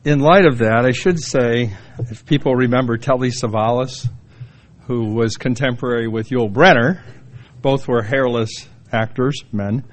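A man's voice: mid-range voice, unhurried. A middle-aged male pastor preaching a sermon in a church, telling humorous stories and jumping into the voices of the people in them. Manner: storytelling, acts out quoted voices.

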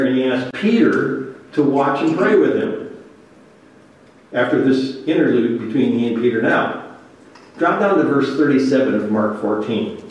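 A pastor with a mid-range, darkish voice reads scripture aloud during a sermon and then comments on it earnestly. He sounds distant in a very echoey room.

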